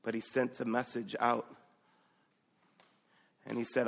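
A man's voice: medium pitch, completely flat delivery, a little slow, creaky, pauses often, big-room sound. A male pastor preaching a sermon, telling a story conversationally and reading scripture aloud.

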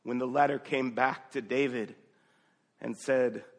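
Slow, gravelly male preacher. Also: medium pitch, fairly even intonation, long reverb tail. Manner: conversational storytelling, reads scripture aloud. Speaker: pastor. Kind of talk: sermon.

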